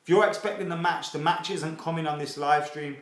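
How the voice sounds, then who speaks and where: Excitable sweary streamer. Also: male voice, on the high side, a little fast. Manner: excitable, sweary, reads viewer comments aloud. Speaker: football fan channel host. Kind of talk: casual live stream chat. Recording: roomy echo.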